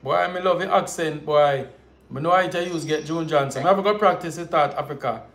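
Teasing high-voiced Jamaican man. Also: fairly quick, fairly bright tone, roomy sound. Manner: playful, teasing, laughs often. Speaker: livestream host. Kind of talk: casual chat.

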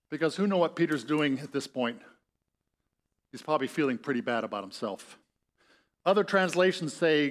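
A male pastor preaching in a church, his voice pitched a little high for a man. He tells the story conversationally, speeding up and slowing down and acting out the voices of the people in it. A light Upper Midwest American accent colors his speech. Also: expressive. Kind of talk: sermon. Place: church sanctuary.

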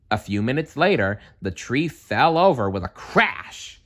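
A man reading a children's bedtime storybook aloud. His delivery is calm and measured, unhurried in pace. His pitch moves in lively swings of medium height. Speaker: storybook reader.

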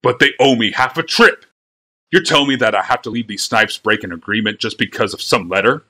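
A man's voice: mid-range voice, fairly quick, bright, forceful tone, pitched above the performer's own voice. A man voicing a burly, blustering wagon master who bellows and sputters in rage. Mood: furious.

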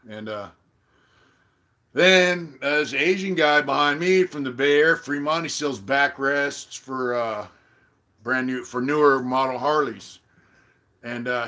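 A middle-aged channel host with a medium-pitched voice runs a casual live-stream chat. He tells a profane story, loudly acting out what other people said.

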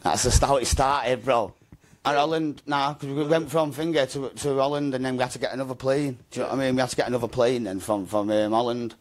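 A man's voice: medium pitch, steady tone, fast talker. A man telling his story in an interview, rambling and slangy, with a habit of repeating himself. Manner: rambling, slangy, repeats "mate" and "do you know what I mean". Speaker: interview guest.

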